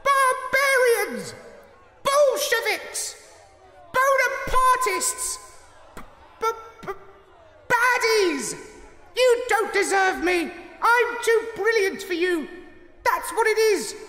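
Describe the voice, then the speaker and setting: A man's voice: very high-pitched, animated, takes it slowly, pushed and bright, pitched above the performer's own voice, exaggerated voice. A man voicing a pompous, megalomaniac male parrot in a children's storybook reading, with screeching, pompous outbursts. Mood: ranting.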